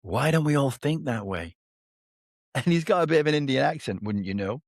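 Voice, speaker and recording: Rambling male podcast host, lively pitch. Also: normal speed, no echo, studio quality. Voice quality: rambling, laughing, tag questions like "right?". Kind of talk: casual storytelling chat.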